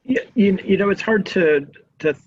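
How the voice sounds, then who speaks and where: A man's voice: high voice, moderate pace, breathy edge, highs cut off. A man on a discussion panel, answering hesitantly as he thinks aloud. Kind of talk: casual discussion.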